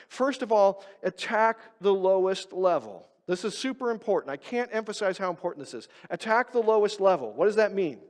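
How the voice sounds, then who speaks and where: A male pastor giving an emphatic sermon, pushing his stresses loud and then dropping to quiet, low asides. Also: big-room sound. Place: church sanctuary.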